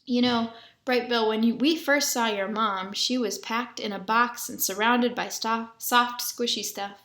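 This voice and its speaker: A friendly, chatty otter lady, as a woman puts her on. She speaks with easy warmth of manner in a read-aloud storybook. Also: on the high side, fairly even intonation, a little slow, echoey room.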